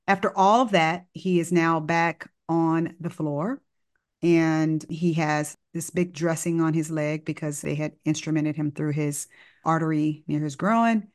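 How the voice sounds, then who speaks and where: A woman doctor with a low, deep-set voice tells a story in easygoing, informal talk. She acts out the exchanges with the people in it and keeps a conversational pace. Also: measured pace. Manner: animated, acts out dialogue in the story; casual, informal wording.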